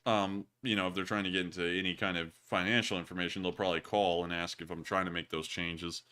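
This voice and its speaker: Southern guy in his 20s cohosting a stream, joking around, laughs a lot, clear voice. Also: low voice, fast. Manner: jokey, excitable, laughs often. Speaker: co-host of a war news show. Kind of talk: casual livestream chat answering super chats.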